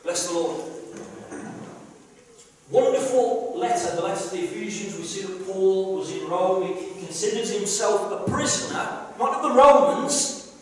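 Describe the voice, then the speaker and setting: A man's voice: high-pitched, animated, moderate pace. A man pastor preaching a sermon, emphatic, repeating phrases and asking rhetorical questions. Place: church hall, live service. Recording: echoey live church hall recording from far off.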